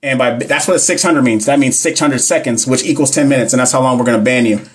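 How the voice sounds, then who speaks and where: A fast-talking man runs a casual live stream as a nurse educator. His voice sits at a middle pitch, and his speech is slangy as he addresses the chat directly. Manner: fast-talking, talks fast all the time.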